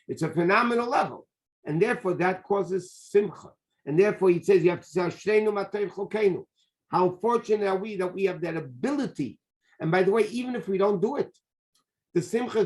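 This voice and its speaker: A high-pitched man lectures as a rabbi in a Torah class. He talks with energy, circles back to repeat his main points, and mixes Hebrew and Yiddish terms into his English. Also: a little fast. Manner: animated, repeats key phrases, sprinkles Hebrew and Yiddish terms. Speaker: rabbi teaching a Tanya class.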